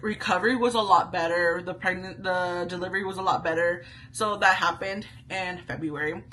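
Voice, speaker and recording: A woman's voice: on the low side, pushed and bright, slight background noise, poor audio. A young woman, a stay-at-home mom, telling a candid story to camera in a chatty, casual way full of asides and slang.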